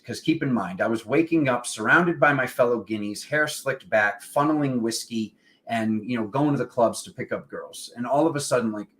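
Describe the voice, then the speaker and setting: Guy doing a spiritual livestream, rambly storytelling, super animated, does little voices for people. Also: mid-range voice. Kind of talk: casual storytelling monologue. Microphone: livestream setup.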